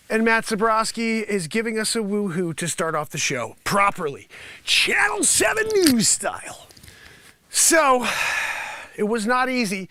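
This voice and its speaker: A man's voice: high-pitched, pushed and bright, no room sound. A man hosting his daily livestream, delivering a comedic monologue as a mock news report.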